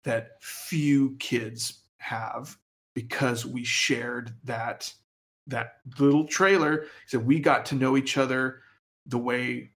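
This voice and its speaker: A man co-hosting a podcast in casual chat, speaking in a halting, stop-start way with fillers. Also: medium pitch, fairly even intonation, fairly bright tone. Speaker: podcast co-host.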